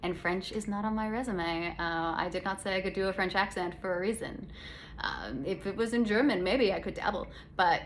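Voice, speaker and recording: A woman's voice: mid-range voice, animated, brisk, slight background noise. A young adult woman from Canada, hosting a casual solo podcast chat in a sarcastic, rambling way with lots of self-corrections. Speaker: podcast host. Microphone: phone.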